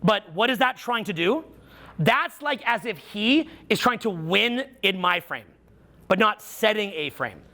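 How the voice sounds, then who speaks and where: A man's voice: high voice, expressive, measured pace, sharp tone. A man coaching a live seminar audience, playful and teasing as he banters with volunteers on stage. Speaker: social skills coach.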